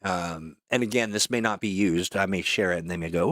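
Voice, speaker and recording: Voice-over host, male, low register, loose and self-mocking, lots of ums between takes, dead-dry studio sound. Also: fairly quick, hardly any pauses, a bit bright, no room sound. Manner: joking, self-mocking, many fillers. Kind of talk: casual livestream chat between voice-over takes.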